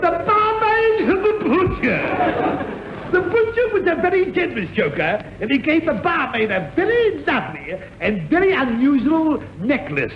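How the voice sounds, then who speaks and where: A man playing a cheeky, big-nosed male comic in an old radio comedy sketch, bantering and quick to laugh. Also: extremely high pitch, sing-song, some chatter behind, slight background noise. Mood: joking. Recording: dull old radio transcription in a roomy hall.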